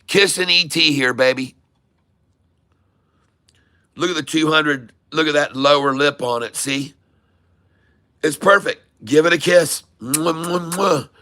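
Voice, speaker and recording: A man's voice: fairly high pitch, measured pace, long pauses, sharp tone, smooth, no echo, clean studio sound. A man hosting a live stock-trading stream, teaching from the charts with playful, jokey banter and bits of joke French and Spanish. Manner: chart-pointing teacher, addresses viewers as folks.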